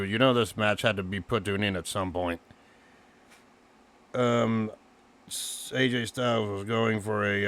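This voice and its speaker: A man co-hosting a casual wrestling review, excitedly recapping the match move by move. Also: on the low side, clean tone. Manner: excited, recaps moves play by play. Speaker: podcast co-host.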